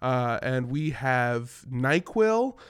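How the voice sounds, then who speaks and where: A podcast host, a man sick with a cough, talks in a loose, rambling, self-mocking chat with plenty of swearing. His voice is smooth and clean at an ordinary pitch, and it is recorded close and dry with no room sound. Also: very animated, very slow, no room sound.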